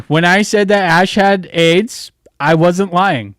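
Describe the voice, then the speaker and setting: A man's voice: high voice, takes it slowly, fairly bright tone, no echo, clean studio sound. A young man hosting a livestream, ranting in a profane, rambling way while distracted by his phone and screen. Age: young adult. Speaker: livestream host. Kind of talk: casual livestream rant.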